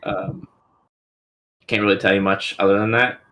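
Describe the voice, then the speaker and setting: A man narrating as dungeon master, halting and full of filler words. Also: on the low side, little pitch movement, sharp tone. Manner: halting, full of ums and likes. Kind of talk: narrating a tabletop game.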